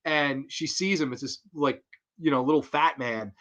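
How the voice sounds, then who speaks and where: A man hosting a horror film review show, excitable and profane, acting out quotes as he recaps. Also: a little high, moderate pace. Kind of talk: casual film review monologue.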